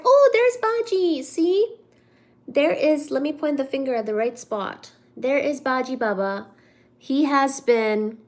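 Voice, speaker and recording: A woman's voice: fairly high pitch, darkish tone. Chatty woman hosting a livestream. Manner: chatty, reads out chat comments, playful singsong. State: a bit stuffed up. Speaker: livestream host. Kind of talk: casual livestream chat with viewers.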